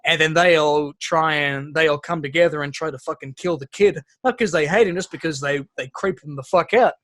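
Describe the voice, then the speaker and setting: Sweary man, fairly high voice. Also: a little fast. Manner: swears freely, animated storytelling. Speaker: podcast co-host. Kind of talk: casual chat.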